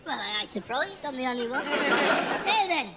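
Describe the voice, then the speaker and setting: A woman's voice: sits high, very animated, moderate pace, over a noisy crowd. A woman voicing a crude, scheming male hedgehog, chummy and sly. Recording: roomy, noisy recording.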